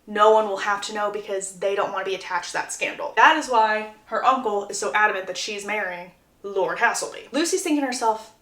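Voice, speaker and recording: A woman recapping a romance novel plot in a chatty, animated way with dramatic asides. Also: mid-range voice, a little fast. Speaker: book recap creator. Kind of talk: casual story recap. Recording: roomy echo.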